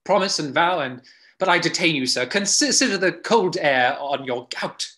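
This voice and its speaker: A man's voice: on the high side, expressive, moderate pace, pushed and bright. A man reading a part aloud in a live play reading, flustered and stammering. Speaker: volunteer reader playing Jack.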